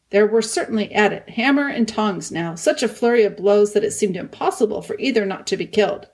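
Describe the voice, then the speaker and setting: A woman with a medium-pitched voice reads a children's novel as an audiobook, keeping her narration calm and measured.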